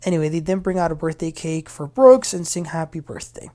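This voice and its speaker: A woman with a low, dark-toned voice hosts a casual reality TV recap, retelling episode scenes in a chatty, opinionated way. She sounds animated and moves at a brisk pace.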